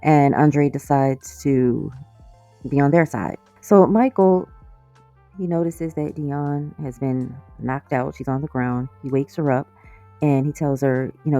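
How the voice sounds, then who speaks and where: Low-voiced woman recapping a show. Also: a little slow, muffled recording, faint music behind. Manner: animated, exasperated asides, laughs often. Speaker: series reviewer. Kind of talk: casual episode recap.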